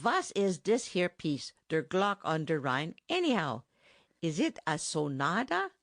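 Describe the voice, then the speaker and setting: A woman voicing a loud German band member who shouts in a high, strained voice with a heavy German accent, recorded dry for an audiobook. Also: big pitch swings, measured pace, dry recording. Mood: shouting. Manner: shouting over noise. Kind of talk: audiobook character voice.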